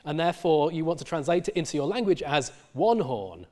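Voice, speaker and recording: A man's voice: a little high, very animated, brisk, darkish tone. A middle-aged male university lecturer explaining word history in a recorded lecture, with many fillers and restarts.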